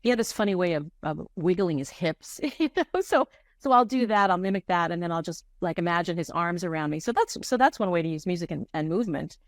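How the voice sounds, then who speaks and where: Woman, middle-aged, grief counselor, lowish voice, candid and searching, dry close sound. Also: expressive, a little fast, dry recording. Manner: candid, searching, frequent restarts. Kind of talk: reflective interview answers.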